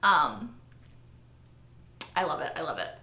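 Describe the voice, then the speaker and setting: A woman's voice: sits low, animated, slow, bright, forceful tone, echoey room. A woman hosting a reaction video, gushing and emotional, swearing casually as she talks. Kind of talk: excited casual reaction chat.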